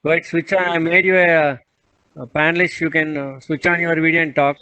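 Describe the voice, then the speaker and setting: Bright-voiced man moderating a video call. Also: on the high side, steady tone, a little fast, smooth, dry recording. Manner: repeats calls and requests patiently. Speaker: webinar moderator. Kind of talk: moderating an online session. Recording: dull, muffled video call audio.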